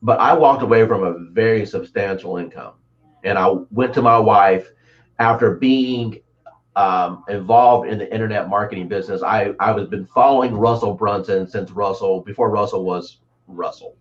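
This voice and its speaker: A man who is the guest on an interview show, talking about sales and mindset with lively, acted-out stories. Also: on the low side, normal speed. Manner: animated storyteller, acts out voices. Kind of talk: motivational interview talk. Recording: dull lo-fi audio.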